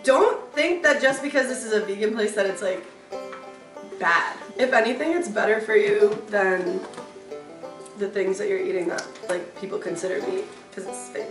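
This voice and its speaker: A woman's voice: mid-range voice, moderate pace. A young woman from California hosting a casual vlog, chatting playfully and teasing herself while she eats. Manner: playful, chatty, self-mocking. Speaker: vlogger host. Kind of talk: casual chat while eating. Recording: echoey room, mic far off, music playing behind.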